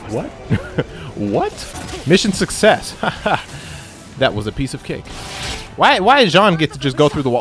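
A young man commentating his own gameplay, excitable and trash-talking, yelling at the game. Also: a little high, slow pace, pauses often, soft background music. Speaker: gameplay YouTuber. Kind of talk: let's play commentary.

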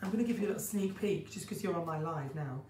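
A croaky woman, hosting an unscripted live chat from her home in the countryside, gushing and flamboyant as she reads out viewer comments. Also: fairly low pitch, fast, darkish tone, slight background noise. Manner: chatty, gushing, flamboyant, breaks into song. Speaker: live-stream host. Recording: roomy, distant phone sound.

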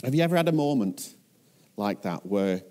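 Animated English man preaching a sermon. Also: fairly low pitch, normal speed. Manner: animated storytelling, acting out scripture voices. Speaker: pastor.

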